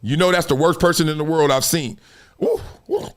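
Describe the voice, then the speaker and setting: A man's voice: a little high, a little fast. A middle-aged man hosting a live sports talk stream, telling stories animatedly, laughing and acting out quotes. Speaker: host.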